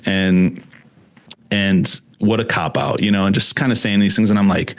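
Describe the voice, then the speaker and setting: Low-voiced man rambling through a story. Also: unhurried, long pauses. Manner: rambling storyteller, many fillers and restarts. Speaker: guest, screen print shop owner. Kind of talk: casual podcast interview.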